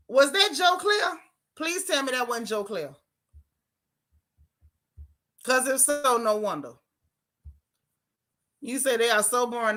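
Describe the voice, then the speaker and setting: A woman giving sassy, animated gossip commentary as a YouTube host. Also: on the high side.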